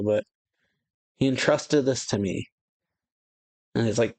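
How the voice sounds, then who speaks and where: A laid-back man with a drawl talks through a comic chapter in an easygoing ramble, his voice sitting at an ordinary middle pitch. He keeps slipping into quoted lines, with little chuckles as he goes. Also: takes it slowly, pauses often, a little mellow. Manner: retells dialogue with chuckles, loose and rambling. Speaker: manga reaction channel host. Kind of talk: casual chapter recap.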